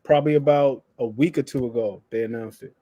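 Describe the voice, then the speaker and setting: A man's voice: medium pitch, fairly quick, muffled recording, over a noisy crowd. A man co-hosting a casual chat, telling stories and acting out quotes with swearing. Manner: storytelling, acts out quotes with swearing. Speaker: co-host.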